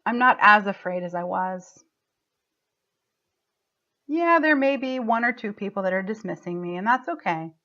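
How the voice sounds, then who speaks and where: A woman's voice: medium pitch, animated, moderate pace, pauses often, bright, forceful tone. A woman coach giving an emotional, affirming motivational talk, getting choked up as she speaks. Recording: muffled lo-fi recording.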